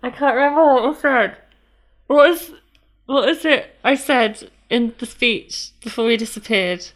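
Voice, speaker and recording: Slow-talking, higher-voiced woman player. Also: fairly bright tone. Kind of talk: casual tabletop game chat.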